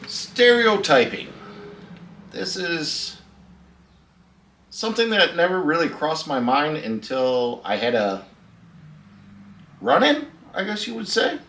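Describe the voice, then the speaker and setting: A man's voice: a little high, big pitch swings, takes it slowly, long pauses, fairly bright tone, recorded from a distance. A middle-aged man, hosting a casual storytelling vlog in a laid-back, chatty way and laughing at his own story. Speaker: host. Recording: echoey room, voice a bit off-mic.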